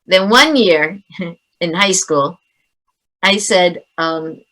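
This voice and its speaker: A woman's voice: on the low side, drawn-out words, long pauses, pushed and bright. A middle-aged woman, a parenting author interviewed as a guest, who gives advice through stories and acts out the lines she quotes.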